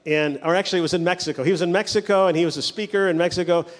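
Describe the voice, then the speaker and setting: A male pastor preaching a sermon, telling stories with quick mimicry of the people in them. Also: high voice, fairly even intonation, long reverb tail.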